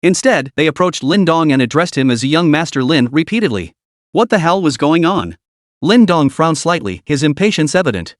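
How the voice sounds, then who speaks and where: A man's voice: fairly high pitch, animated, fairly quick, no echo, clean studio sound. A man narrating a comic story recap in a dramatic storytelling manner.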